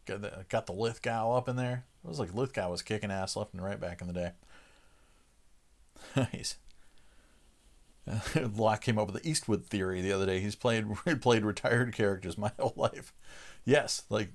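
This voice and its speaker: A relaxed man hosts a livestream, chuckling as he talks casually with viewers in the chat, his loose sentences cluttered with "uh." He speaks at a moderate pace in a fairly low voice and pauses often.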